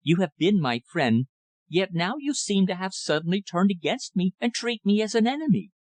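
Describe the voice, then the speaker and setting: A man's voice: lively intonation, normal speed, dry recording. A man putting on a pale, pained young woman. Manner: low, pained voice.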